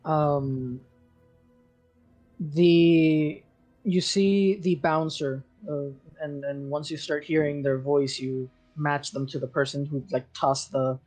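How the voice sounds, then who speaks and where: A man's voice: a little high, darkish tone. A man narrating as game master for a tabletop role-playing game, loose and full of fillers. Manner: slow, loose narration with many fillers and restarts.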